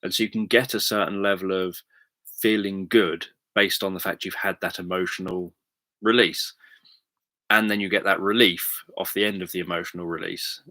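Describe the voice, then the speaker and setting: A man with a low voice talks casually to livestream viewers as a therapist. He thinks aloud with lots of ums and restarts, his tone bright and clear, close to a dry mic. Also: fairly even intonation, moderate pace, dry recording. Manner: rambling, thinking aloud with many fillers. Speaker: hypnotherapist answering viewer questions.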